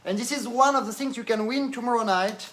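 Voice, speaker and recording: French male accordion teacher, high voice, lively and demonstrative live-stream delivery. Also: brisk, a little hiss or hum. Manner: animated, demonstrative, mixes in French words. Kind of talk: live-stream music lesson.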